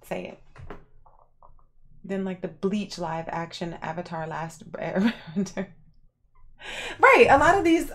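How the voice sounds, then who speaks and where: A woman with a mid-range voice hosts a livestream, chatting casually and answering viewers. She rambles with lots of fillers and reacts in an animated way.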